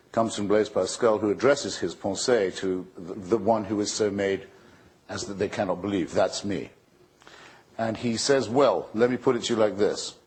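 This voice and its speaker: A man with a fairly low, husky voice argues at a public debate. His delivery is sardonic and rhetorical, and he leans hard on emphasis. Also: a little mellow. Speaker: public speaker.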